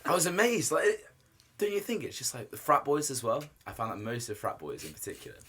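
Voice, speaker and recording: A woman's voice: rumbling low, sing-song, quick pace, fairly bright tone, slightly rough. A young woman with an English accent, a college student in casual chat, laughing often as she talks. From England. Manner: laughing often while speaking. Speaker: college student, podcast guest.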